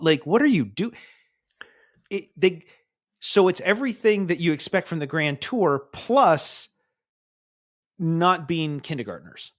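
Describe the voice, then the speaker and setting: A man co-hosting a podcast, chatting casually in a rambling, wry way with many restarts. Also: a little high. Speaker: podcast co-host. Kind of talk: casual chat.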